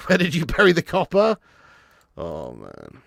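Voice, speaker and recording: A man's voice: fairly high pitch, wildly swooping pitch, unhurried, vocal fry, a bit bright, no echo, clean studio sound. A man hosting a live football watch-along from his garage, chatting casually with viewers, swearing freely and reading out the chat between bits of match commentary. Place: home garage used as storage room.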